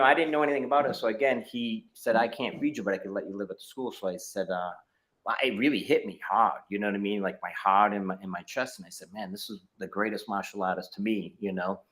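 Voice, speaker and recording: A man's voice: mid-range voice, a bit bright. A middle-aged man, a martial arts instructor, telling his story in a casual interview over a video call, with many fillers and restarts.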